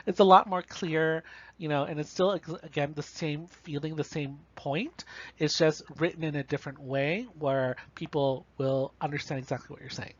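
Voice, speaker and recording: A college instructor in a recorded online lecture, explaining writing examples in a relaxed, chatty way that keeps checking in with the class. The voice sits at a middling pitch. The recording is a bit muffled and very dry, with no room sound. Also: normal speed, dry recording. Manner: casual, talks through examples with frequent "right?" and "you know". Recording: slightly dull, dry recording.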